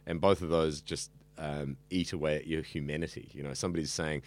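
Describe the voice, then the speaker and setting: A young man studying radio, who also hosts an evening show, chats earnestly in a casual interview, full of fillers and restarts. His voice is a rumbling low one, a little mellow and fast, with fairly even intonation.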